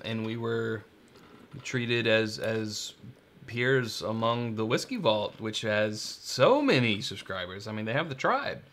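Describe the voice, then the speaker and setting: A man's voice: lowish voice, a bit bright, slight background noise. Laid-back man rambling on a live stream. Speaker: co-host. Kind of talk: casual chat on a live stream.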